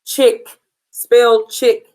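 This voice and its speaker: Woman teacher doing phonics drills, super slow, spells out every letter. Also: fairly high pitch, little pitch movement, darkish tone, low-quality recording. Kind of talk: phonics lesson for beginners.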